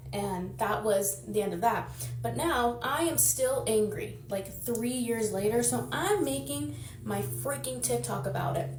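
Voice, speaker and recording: A woman's voice: fairly high pitch, darkish tone, reverberant. A young woman telling a long, exasperated storytime while doing her nails, chatty and rambling. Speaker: content creator.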